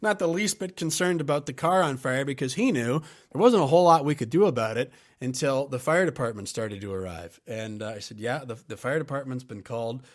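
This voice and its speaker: A man hosting a podcast tells a story in a relaxed, conversational way. His voice sits at an ordinary middle pitch, and he often chuckles as he talks. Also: fairly quick, hardly any pauses. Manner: relaxed, anecdotal, laughs while telling. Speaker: podcast host.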